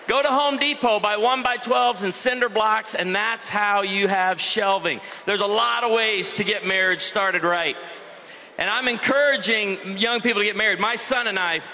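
A man giving a humorous sermon to a live audience, telling stories with lots of energy. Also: high-pitched. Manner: energetic, joking storyteller. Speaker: guest speaker. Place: large university auditorium. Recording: long hall reverb, faint noise.

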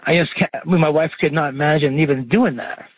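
A man's voice: on the high side, steady tone, a little fast, slightly rough, no echo. A man calling in to a radio show, emotional and choked up. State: emotional, voice breaking. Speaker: caller. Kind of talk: call-in radio talk. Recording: tinny phone line.

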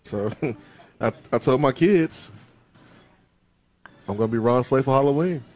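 A man's voice: medium pitch, a little slow, darkish tone. A man, a sports radio co-host bantering and teasing on a live broadcast from a bar. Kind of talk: casual sports talk banter.

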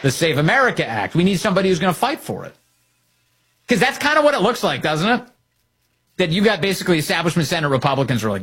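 A man delivers opinionated political commentary with open sarcasm and mockery. His pitch swings widely as he talks, and his voice sits a little high with a husky edge. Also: fast. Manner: sarcastic, mocking, animated.

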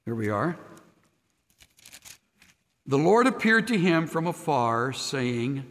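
An older man preaching a sermon in an earnest way, dropping to soft, near-whispered phrases and then rising to emphatic declarations. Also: medium pitch, very animated, slow pace, pauses often. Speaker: pastor. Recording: long hall reverb.

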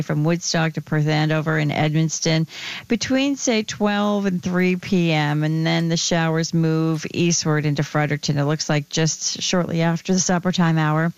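A woman with a fairly low voice gives the radio weather forecast in a relaxed, conversational way. Her sound is dry and a little dull and muffled. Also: dry recording.

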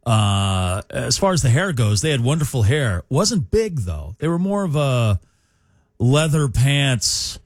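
A man's voice: on the low side, no echo. Jokey male radio DJ. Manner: jokey, animated, reads listener texts. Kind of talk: casual radio chat. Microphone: studio mic. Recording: dry studio sound.

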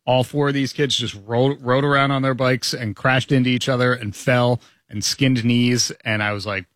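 A man's voice: medium pitch, little pitch movement, moderate pace, a bit bright, no echo, clean studio sound. A man co-hosting a morning radio show, telling a chatty anecdote. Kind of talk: casual chat.

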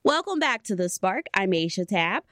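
A woman hosting a radio interview show, reading measured, scripted introductions. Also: mid-range voice, big pitch swings, a bit bright, dry recording, clean studio sound.

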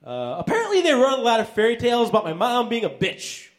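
Male stand-up, wry, high animated delivery; noisy live audio. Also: fast. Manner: wry, self-deprecating. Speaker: stand-up comedian. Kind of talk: stand-up set.

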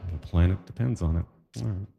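A man performing a chatty, animated stand-up comedy set in front of a live audience. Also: low voice, a little fast, gravelly, noisy background. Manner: animated, chatty, frequent "you know what I mean". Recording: live hall with long reverb.

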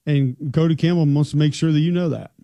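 A man's voice: a little high, steady tone, brisk, mellow, dry recording. A man hosting a sports talk show who sets up the topics and moves the segment along with dry, wry remarks. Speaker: sports radio host.

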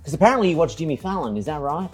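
A man's voice: on the high side, big pitch swings, very fast, slightly rough, faint music behind. A man from Australia interviewing a guest in a bar, playful and teasing. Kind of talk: casual interview chat.

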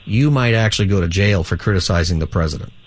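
Low-voiced man hosting a call-in show. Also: quick pace, breathy edge. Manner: steady, explanatory, reads out the phone number. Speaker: radio call-in show host, pastor. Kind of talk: radio call-in talk.

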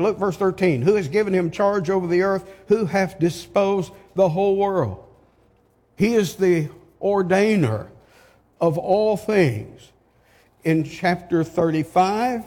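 Older guy preaching slow and emphatic, lots of rhetorical questions, big reverby church hall. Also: high voice, darkish tone. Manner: emphatic, rhetorical questions, reads scripture aloud. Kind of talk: expository sermon. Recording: long reverb of a large hall.

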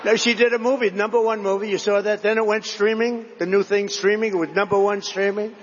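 A man's voice: high voice, fairly even intonation, a little fast, big-room sound, dull audio, a little hiss or hum. A man giving a rambling, repetitive rally speech, drifting between stories. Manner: rambling, digressive, repetitive storytelling to a crowd. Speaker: political speaker at a rally.

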